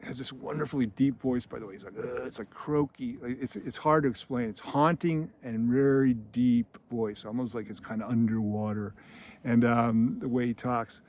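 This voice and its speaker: A man's voice: medium pitch, normal speed, a little mellow. A man hosting a screenwriting channel, telling a film scene in casual commentary with an enthusiastic, filler-heavy storytelling manner.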